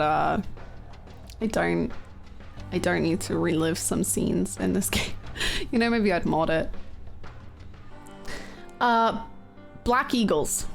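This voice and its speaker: A woman's voice: fairly low pitch, creaky. A woman streaming a game, chatting casually and greeting viewers, her voice a bit scratchy, laughing often.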